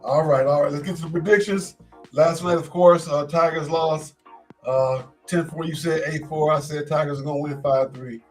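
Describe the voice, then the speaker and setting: A man hosts a casual sports talk show in a fairly high, easygoing voice. He often stumbles and repeats words as he thinks aloud. Faint music plays behind him. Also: steady tone, normal speed. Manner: laid-back, repeats words when thinking.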